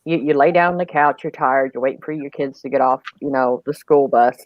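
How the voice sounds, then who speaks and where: A woman's voice: a bass voice, fairly quick. A woman with a mid-range voice speaks earnestly as a panel guest, stumbling and repeating words as she describes things. The sound is dull and dry, with no room echo at all. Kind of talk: casual chat.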